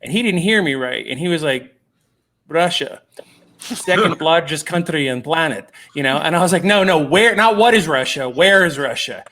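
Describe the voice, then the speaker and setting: A man in casual conversation, telling anecdotes with plenty of fillers and little acted-out quotes. His voice sits a bit higher than most men's. He pokes fun at himself as he goes. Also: lively intonation, brisk, few pauses, pushed and bright. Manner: self-deprecating, acts out quoted voices, many fillers. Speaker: guest comic artist. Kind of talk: casual storytelling chat.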